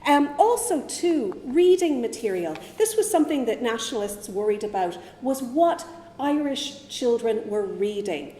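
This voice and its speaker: A woman's voice: on the high side, sing-song, unhurried, warm tone, echoey room, in a large hall. A woman giving a chatty, digressive public history talk in a museum. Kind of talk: public lecture.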